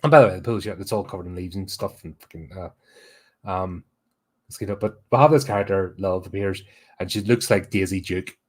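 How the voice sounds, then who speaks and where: A man's voice: low-pitched, a little fast, darkish tone. A man hosting a horror podcast, giving a blunt, sweary and exasperated casual film review.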